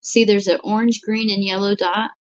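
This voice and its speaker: A woman's voice: medium pitch, flat delivery, moderate pace, lo-fi sound, a little hiss or hum. A woman chatting with a friend on a video call, easygoing and shrugging things off. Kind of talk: casual video chat.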